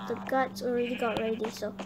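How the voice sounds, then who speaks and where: A young girl hosting her gaming channel, chatting excitably and bossing her teammate around. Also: a little high, a little fast, gravelly. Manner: excitable, chatty, bossy toward her partner. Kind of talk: casual gameplay chat. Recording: noisy home recording.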